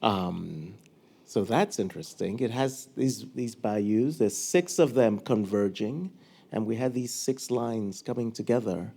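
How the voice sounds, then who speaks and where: Casual self-deprecating man moderator, lower voice. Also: a little slow, vocal fry, mellow. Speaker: moderator, writer. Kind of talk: public conversation on stage.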